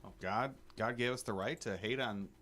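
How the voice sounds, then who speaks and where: A man's voice: on the low side, moderate pace, fairly bright tone, a little hiss or hum. A man co-hosting a comedy talk radio show, teasing and goading crudely. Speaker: radio co-host. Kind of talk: casual comedic radio banter.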